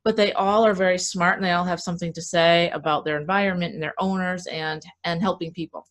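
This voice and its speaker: A woman guest in a casual interview, an animated storyteller who chuckles as she talks. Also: fairly low pitch, fast talker.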